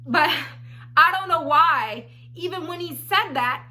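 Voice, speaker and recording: A woman telling a personal story on her vlog in a blunt, profane, animated way. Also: extremely high pitch, takes it slowly. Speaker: storytelling vlogger. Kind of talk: casual storytime.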